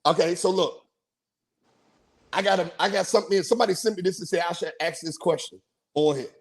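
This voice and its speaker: A man hosting a podcast in casual chat, animated, laughing often and repeating his phrases. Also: sits high, fairly quick, creaky. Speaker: podcast host.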